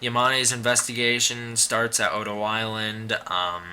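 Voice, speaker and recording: A man's voice: mid-range voice, flat delivery, unhurried, pushed and bright, clean tone. A young man giving a casual spoken movie review, rambling with frequent restarts and fillers.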